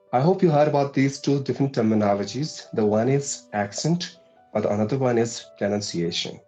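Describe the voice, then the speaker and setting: A man with a mellow, dark voice asks long, formal interview questions. He praises the answers with florid, elaborate words. Faint music plays in the background. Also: medium pitch.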